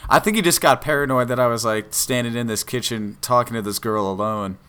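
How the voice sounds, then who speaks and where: A young man telling a party story in casual chat, animated, laughing often and acting out what people said. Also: mid-range voice, a little fast, clean tone. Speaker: podcast guest telling a story.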